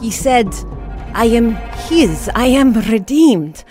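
A radio co-host voicing a young healed woman of faith with a put-on Middle Eastern accent and rolled R's, solemn and slow. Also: fairly high pitch, very animated, darkish tone, faint music behind. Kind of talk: radio show acting challenge.

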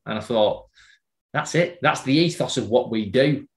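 Man, middle-aged, halting storyteller, echoey room. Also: mid-range voice, animated. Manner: halting, repeats words, warm reminiscing. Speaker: guest. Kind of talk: casual conversational storytelling.

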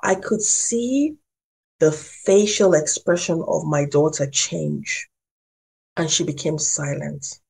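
A woman who is a family doctor and parenting coach, speaking reflectively in a podcast and telling a personal story with pauses. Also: deep voice, gravelly, a little mellow, husky.

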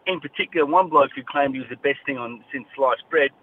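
A man's voice: mid-range voice, fast. Blunt, fired-up Australian man, a boxer guest on a tinny phone line. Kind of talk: radio phone interview.

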